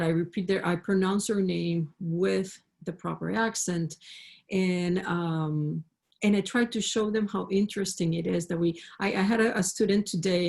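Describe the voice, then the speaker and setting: A woman's voice: mid-range voice, vocal fry, darkish tone. A woman professor with a Spanish accent, a native Spanish speaker, telling stories earnestly on a panel over a video call and repeating words as she starts sentences. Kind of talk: panel discussion.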